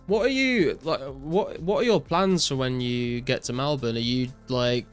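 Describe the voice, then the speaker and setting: A young man talks loosely to his live chat while he plays, reading their messages back and musing on his answers with plenty of fillers. His voice sits at an ordinary pitch and comes across smooth and clean. Soft music runs quietly underneath. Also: a little slow. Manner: relaxed, reads out chat messages and answers viewers with many fillers. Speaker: game streamer. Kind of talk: casual live-stream chat while gaming.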